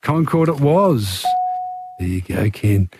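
A man's voice: on the low side, expressive, slow, darkish tone, husky, no echo, studio quality. Man hosting a radio quiz. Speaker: quiz host.

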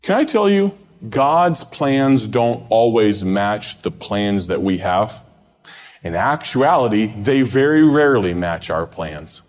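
A man preaching a live sermon with passion, using rhetorical questions and swinging between loud appeals and hushed moments. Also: lowish voice, lively intonation, takes it slowly. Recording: preaching in a reverberant hall.

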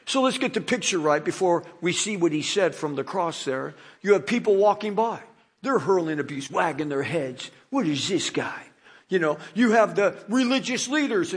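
A man preaching a sermon, animated and dramatizing the scripture passages he reads. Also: high-pitched, normal speed, husky.

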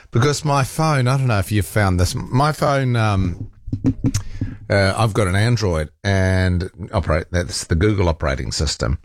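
A man's voice: fairly low pitch, no echo, studio quality. A New Zealand man hosting a talkback radio show, chatting casually and poking fun at himself, with plenty of fillers. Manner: chatty and self-mocking, with frequent fillers and laughs. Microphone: studio microphone.

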